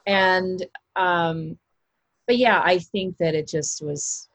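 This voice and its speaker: A woman's voice: fairly low pitch, takes it slowly, no echo. A woman, an actress, talking casually in an interview, rambling with many fillers and restarts. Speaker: actress guest.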